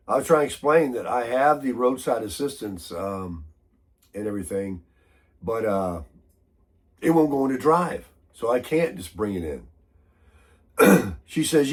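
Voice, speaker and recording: An American man, sick and congested with a hoarse voice, telling a rambling, grumbling story in a casual morning chat. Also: mid-range voice, animated, a little slow, long pauses. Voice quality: husky. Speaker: vlogger.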